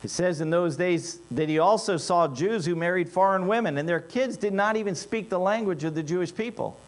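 A man delivering a sermon with a somewhat high-pitched voice, shifting between low, wry asides and loud, emphatic bursts. A faint mains hum sits under the recording. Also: fairly quick. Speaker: preacher.

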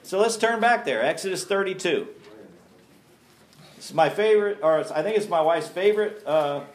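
A man's voice: high-pitched, expressive, moderate pace, slight background noise. Folksy male Bible teacher, echoey room. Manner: folksy, emphatic, laughs at own jokes. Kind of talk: teaching sermon.

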